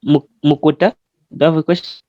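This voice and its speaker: A man from Zambia teaching a language in an online class, explaining slowly and patiently with frequent fillers. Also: fairly high pitch, steady tone, dry recording. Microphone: online call. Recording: muffled online call audio.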